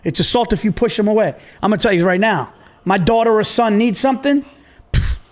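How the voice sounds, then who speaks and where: A man appearing as a comedian guest on a podcast, chatting casually, telling a fast story and plugging his tour dates. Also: sits high.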